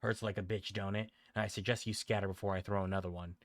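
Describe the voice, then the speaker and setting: Brief: man voicing a fierce old grandmother, gruff and scolding, deep and dry. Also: little pitch movement, fast talker, no echo, close to an everyday voice. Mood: threatening. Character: cranky fierce old grandmother, rough-spoken, protective.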